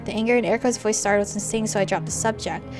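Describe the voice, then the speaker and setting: A young woman reading a visual novel aloud and reacting with loud, animated outbursts between the narration. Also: mid-range voice, fast talker. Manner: expressive, jumps to loud excited reactions. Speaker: gamer. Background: faint game music.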